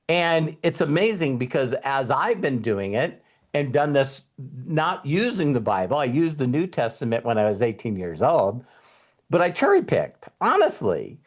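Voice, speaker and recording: A man coaching a client on faith, talking in a lively, repetitive way and laughing often. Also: medium pitch. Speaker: life coach. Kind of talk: spiritual coaching call.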